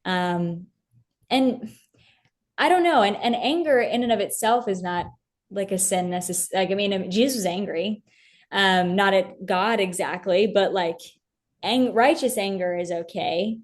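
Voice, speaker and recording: A woman's voice: mid-range voice, unhurried. A young woman as an interview guest, talking earnestly and from the heart about her faith, with many fillers and restarts. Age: young adult.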